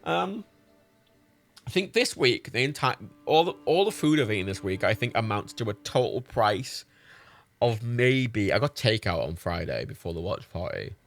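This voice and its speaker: British male streamer, exasperated and sweary, gravelly, very animated delivery. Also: lowish voice, normal speed, faint music behind. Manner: sweary, exasperated, laughs often. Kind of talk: live game stream chat.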